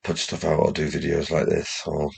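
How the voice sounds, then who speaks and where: A very deep, gravelly young man with a mixed West Midlands and Geordie accent rambles through a casual vlog monologue. His voice is husky and rough-edged, and he swears freely. He sounds anxious and restless as he talks. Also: monotone, normal speed, darkish tone. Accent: mixed West Midlands, Geordie and posh English. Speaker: channel host.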